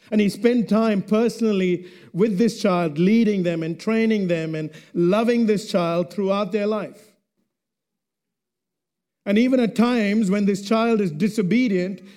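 A male preacher with a fairly high voice delivers a sermon in a slow, unhurried cadence. He speaks deliberately and lets each phrase sink to a hush at its close.

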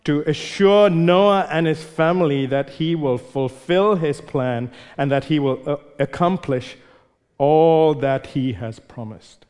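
A man's voice: a little high, takes it slowly, a little mellow, clean tone. A man preaching a sermon, emphatic, repeating words for stress as he leads a congregation through a passage. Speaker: pastor. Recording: long reverb of a large hall.

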